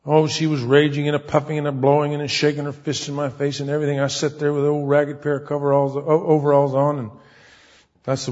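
A man's voice: on the high side, completely flat delivery, quick pace, darkish tone. A man preaching a sermon, telling a story with quoted voices and building to fervent exhortation. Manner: storytelling, quotes others in acted voices, preaches with rising fervor. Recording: dull lo-fi sound, long hall reverb.

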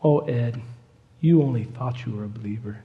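A man voicing a sly, taunting wolf who stands for the devil in a sermon story, speaking low and hushed. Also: normal speed, narrow, tinny audio, close to an everyday voice. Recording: long hall reverb.

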